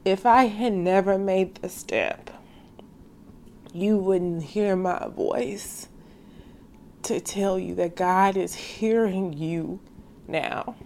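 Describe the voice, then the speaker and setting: Speaking in a mid-range, somewhat dark voice, this woman draws out her words and pauses often. As a faith podcast host, she offers a laid-back devotional monologue, addressing listeners directly with warm, slangy sincerity.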